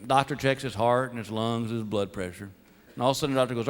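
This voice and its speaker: A middle-aged man, telling a stand-up comedy story with animated delivery and acted-out voices, sometimes shouting punchlines. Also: medium pitch, fast talker. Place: stage before a live audience. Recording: live show with crowd laughter and noise. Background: audience laughter.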